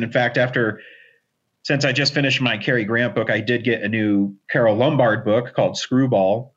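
A man's voice: mid-range voice, a bit bright. A male guest talks hesitantly about old films, with plenty of fillers. His voice comes through slightly muffled and dull. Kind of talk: casual film discussion.

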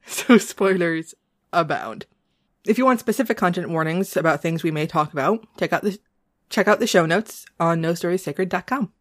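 A woman with a New England accent co-hosting a casual podcast, wry and relaxed as she introduces the episode. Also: lowish voice, moderate pace. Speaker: podcast co-host.

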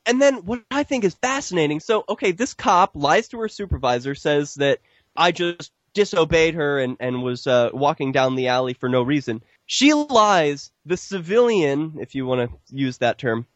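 A man, an activist filmmaker, telling stories in a casual podcast interview, getting animated and jumping up in pitch when he quotes people. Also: moderate pace, no room sound, dull audio. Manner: animated storytelling, pitch jumps when quoting others.

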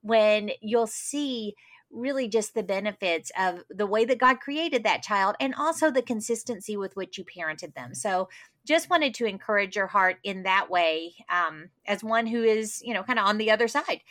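A woman's voice: medium pitch, lively intonation, normal speed. A middle-aged woman hosting a homeschooling podcast, speaking in an encouraging, faith-minded way. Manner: warm encouraging, faith-based. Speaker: podcast host. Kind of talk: podcast interview.

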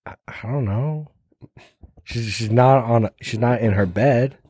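A man co-hosting a comedy podcast, deadpan and halting, often stumbling over his words. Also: medium pitch, breathy edge, no echo, studio quality. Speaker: podcast co-host. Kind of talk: casual comedy chat.

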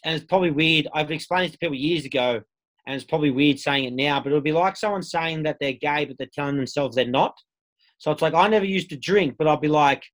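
A man's voice: fairly high pitch, brisk, fairly bright tone. A young Australian man telling his story in a casual interview, candid and rambling, swearing freely. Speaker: guest.

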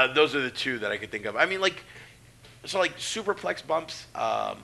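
A middle-aged man who wrestles professionally tells casual, profane stories in a mid-range voice with vocal fry, at normal speed, over a slight hiss or hum. He's animated and acts out voices as he goes.

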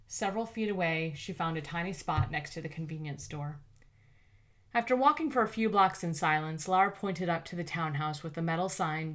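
A woman narrating an audiobook in an even, measured way. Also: lowish voice.

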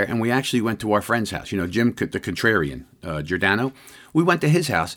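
A middle-aged man with a voice of average pitch tells a story he lived through. He talks in halting bursts, repeating words, and lifts his voice when he quotes what he and others said. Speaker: eyewitness. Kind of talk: personal storytelling.

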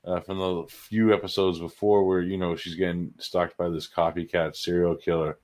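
A man's voice: deep voice, flat delivery, normal speed, darkish tone. A man co-hosting a casual podcast, profane and laughing easily as he talks. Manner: laughs while talking, profane. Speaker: podcast co-host. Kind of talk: casual chat.

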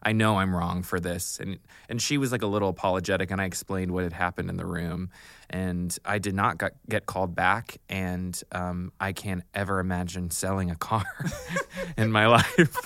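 A man, an actor, telling an anecdote on a podcast, animated, often chuckling, and acting out the voices in his story. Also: low-pitched, moderate pace, dry recording. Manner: chuckles often while he talks. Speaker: actor guest.

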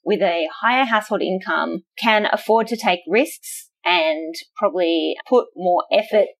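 A woman co-hosting a podcast who carefully explains survey findings in a measured way, with light laughs. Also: medium pitch, vocal fry. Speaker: podcast co-host with a research doctorate. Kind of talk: casual podcast chat explaining survey data.

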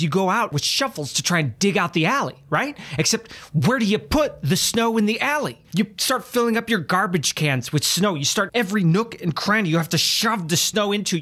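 A man's voice: sits high, a bit bright. A man from Chicago hosting a comedy podcast, ranting in an exasperated, emphatic way about small annoyances. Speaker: podcast host. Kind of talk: comedic rant.

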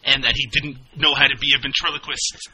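A man's voice: mid-range voice, level tone, a little fast, bright, forceful tone, low-quality recording. A man, a filmmaker, chatting casually about his movie in a rambling way and laughing often. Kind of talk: casual film commentary.

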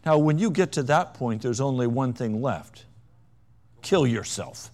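A man preaching a sermon, with a wry, self-mocking humor and dramatic swings between hushed and loud delivery. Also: mid-range voice, lively intonation, a little slow. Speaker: pastor.

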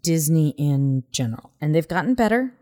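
A woman's voice: low-pitched, expressive, normal speed, mellow. A woman with a Southern accent co-hosting a podcast, talking casually and earnestly, sometimes dropping to a whisper. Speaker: podcast co-host. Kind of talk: casual chat.

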